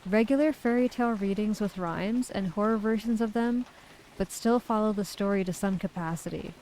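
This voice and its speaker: A woman's voice: medium pitch, moderate pace, darkish tone, slight background noise, low-quality recording. A woman streamer in casual chat, reading viewer messages aloud and giggling often.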